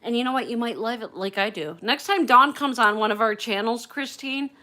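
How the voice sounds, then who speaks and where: A woman's voice: fairly high pitch, a little fast, pushed and bright. A woman chatting candidly on a casual livestream from her phone at home, swearing freely as she talks. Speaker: livestream host.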